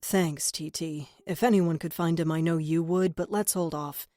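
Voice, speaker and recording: A woman reading a crime novel aloud in first person, with measured, intimate storytelling. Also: low voice, fairly even intonation, dark tone, no room sound, clean studio sound. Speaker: audiobook narrator. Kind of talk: first-person scripted narration.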